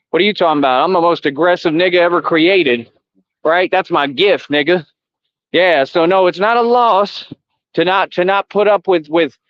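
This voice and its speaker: Taunting man ranting at his stream chat. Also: a little high. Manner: confrontational, taunting, repetitive. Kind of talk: live stream rant at chat. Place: outdoors. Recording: dull lo-fi, dry.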